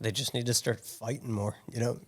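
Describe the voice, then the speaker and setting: A man with a mid-range voice chats in an easygoing way on a podcast. He agrees quickly with his guest and jokes along with him. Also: medium pitch, level tone, a loud crowd. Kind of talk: casual chat.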